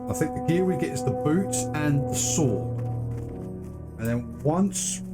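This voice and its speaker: A man's voice: on the high side, very animated, measured pace. Chatty male streamer over game music. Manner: chatty, reads quest text aloud. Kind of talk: live gameplay commentary.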